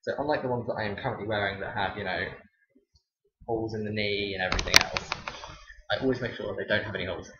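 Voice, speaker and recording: A man's voice: lowish voice, fairly even intonation, fast, background noise. A young man, a teacher, telling stories in a chatty, wry vlog. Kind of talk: casual storytelling vlog. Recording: dull roomy home recording.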